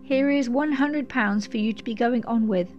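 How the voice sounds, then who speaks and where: A woman's voice: fairly high pitch, moderate pace, dull audio, faint music behind, natural voice. Woman doing a snappish old lawyer. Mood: knowing. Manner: snappish, brusque, clipped. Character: curt impatient old male lawyer.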